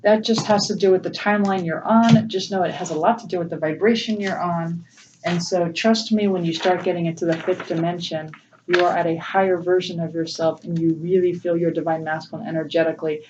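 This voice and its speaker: Emotional woman tarot reader, distant mic. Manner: gentle, emotional, laughs often. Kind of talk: casual spiritual tarot reading. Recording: distant, dull low-fi mic with faint noise.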